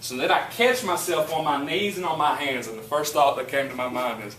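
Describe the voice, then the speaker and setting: Animated male teacher in an echoey classroom. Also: mid-range voice, fast, hardly any pauses. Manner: animated storyteller, laughing while telling. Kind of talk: classroom lecture with storytelling. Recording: echoey classroom from far off, noisy.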